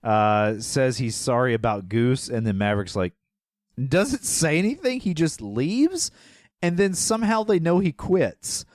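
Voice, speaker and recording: A man's voice: mid-range voice, animated, unhurried, a little mellow, no room sound, studio quality. A man co-hosting a podcast, recapping a movie in casual chat, laughing often and acting out characters' lines. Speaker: podcast co-host.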